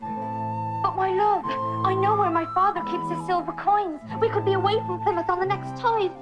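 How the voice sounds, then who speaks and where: A woman's voice: very high-pitched, sing-song, moderate pace, dull audio, over loud music. An actress playing a pleading young woman in a costume melodrama. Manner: overwrought, pleading.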